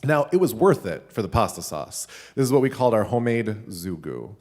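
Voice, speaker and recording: Man, teacher, live storytelling, lower voice, animated, chuckling, casual fillers. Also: brisk. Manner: animated, laughing, with many "like" fillers. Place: school event stage.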